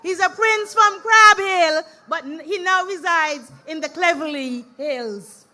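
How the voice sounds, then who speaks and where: High-pitched woman emceeing a rally. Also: a little slow, sharp tone. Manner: jokey, hypes the crowd. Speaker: master of ceremonies. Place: outdoor political rally.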